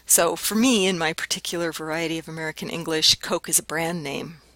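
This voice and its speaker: A woman giving a university lecture in a recorded class, explaining clearly and demonstrating different pronunciations aloud. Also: low voice, steady tone, fairly quick, fairly bright tone, dry recording, low-quality recording. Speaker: linguistics lecturer.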